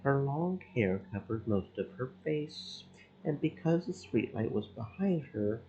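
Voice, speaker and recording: Guy reading a game story out on stream, slow and gravelly, bit of music under it. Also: mid-range voice, lively intonation, mellow, muffled recording, slight background noise. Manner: slow, measured narration. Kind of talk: reading game text aloud.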